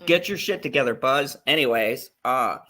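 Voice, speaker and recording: A man with a mid-range voice hosting a casual podcast chat. He talks in a relaxed, joking way and often breaks into laughter. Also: medium pitch, moderate pace. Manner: laid-back, laughs often. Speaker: podcast host.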